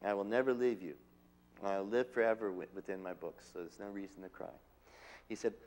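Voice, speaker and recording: Low-voiced man, earnest memories. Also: fairly even intonation, a little fast, a little mellow. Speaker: disciple recalling his teacher. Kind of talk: reminiscing interview.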